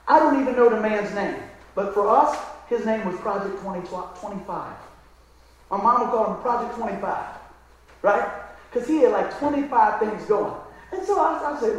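A pastor preaching a sermon, telling stories and asking for an amen. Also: male voice, high voice, moderate pace. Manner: storytelling, emphatic, calls out "Amen?". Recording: very echoey room, mic at a distance.

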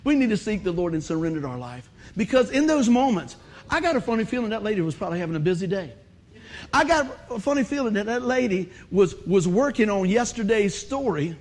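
A man's voice: high-pitched, expressive, brisk. A male pastor, telling a funny story in a sermon, laughing often and acting out the voices.

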